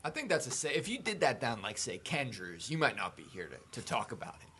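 A man's voice: mid-range voice, big pitch swings, a little fast, sharp tone, slight background noise. A man in playful comic banter who asks goofy questions. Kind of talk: casual comedic banter.

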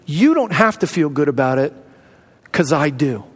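A preacher acting out a gruff, calm mountain mechanic who won't take no for an answer. He talks bluntly and firmly, in a lowered voice. It rings with a long reverb as if in a big hall. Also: normal speed. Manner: firm, blunt, reassuring. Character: steady, unflappable male mountain mechanic.

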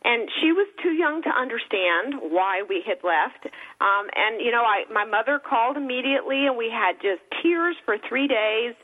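A woman guest on a call-in radio talk show, her slightly high voice squeezed through a tinny phone line. She tells a personal story with earnest, emotional feeling and speaks warmly of her faith. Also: lively intonation, normal speed. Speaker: author guest.

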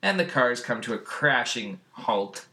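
A man casually recapping a comic book on a podcast, often laughing and jumping into high put-on voices for the characters. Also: lively intonation, measured pace, bright, forceful tone. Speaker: podcast host.

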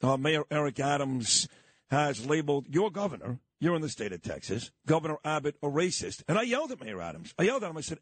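A man hosting a morning radio talk show, interviewing bluntly and with lively energy. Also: on the high side, fairly quick, breathy edge, dry recording. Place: radio studio.

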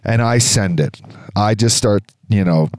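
A man co-hosting a casual podcast, telling a story in an animated way, swearing and acting out the voices of other people. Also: on the low side, a little slow, no room sound, clean studio sound. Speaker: podcast co-host.

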